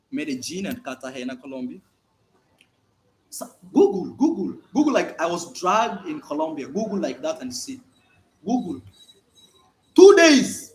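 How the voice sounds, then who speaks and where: A man vlogging at home, telling a story emphatically and repeating words for effect. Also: high voice. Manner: animated, emphatic storytelling with repetitions. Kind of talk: casual vlog monologue. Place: at home, indoors.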